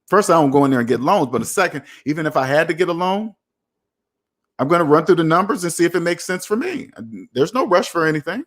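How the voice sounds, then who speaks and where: A man hosting a live personal finance stream, answering viewer comments in a blunt, animated way and acting out the people he quotes. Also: on the high side, quick pace.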